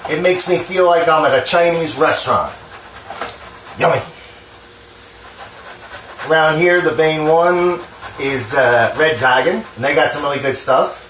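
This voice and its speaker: A man from New Jersey rambles through a home cooking video, frank and profane, often joking at his own expense. His voice sits a little high. The kitchen is echoey, with faint clatter of dishes and pans behind him. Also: measured pace, long pauses, a bit bright, a little hiss or hum. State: hands shaking. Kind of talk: casual rambling cooking talk.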